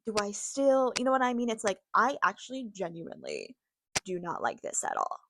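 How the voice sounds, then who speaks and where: A woman's voice: medium pitch, huge pitch swings, a little fast, gravelly, bright, forceful tone, a little hiss or hum. A young adult woman hosting a podcast, ranting candidly, swearing freely, laughing and talking straight to her viewers. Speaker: podcast host. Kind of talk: casual opinion rant.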